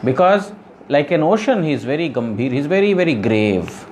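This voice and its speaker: A man's voice: a little high, very animated, a little fast, darkish tone, slight background noise. A man giving a devotional scripture lecture, explaining earnestly and repeating phrases with frequent "you know". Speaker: spiritual teacher.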